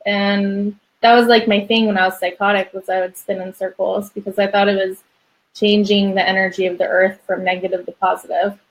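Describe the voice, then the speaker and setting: A young woman appears as a podcast guest and tells a personal story in a chatty manner, dropping lots of "like"s and small laughs between phrases. Her mid-range voice moves little in pitch and keeps a brisk pace.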